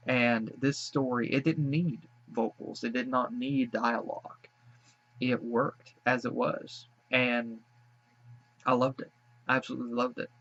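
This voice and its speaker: A man's voice: medium pitch, fairly bright tone, lo-fi sound. A man hosting a reaction video, talking emotionally and gushing with thanks after having cried. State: teary after crying. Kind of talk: casual reaction commentary.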